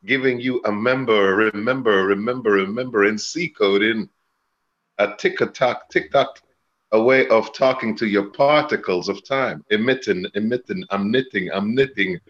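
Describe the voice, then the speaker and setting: A man reading spiritual cards who rambles in a chanting stream of wordplay, with sudden laughs and jumps in pitch. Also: moderate pace, fairly bright tone, muffled recording. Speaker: spiritual reader. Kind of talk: freewheeling mystical rambling.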